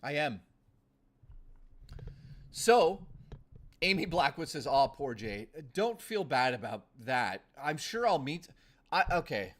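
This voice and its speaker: A young man talks to his stream in a blunt, rambling way, cursing freely and circling back on himself. His voice sits a little higher than most men's. He keeps it casual and direct, like off-the-cuff chat. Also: sing-song, takes it slowly, long pauses, fairly bright tone. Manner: blunt, profane, ranting and rambling. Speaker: live streamer.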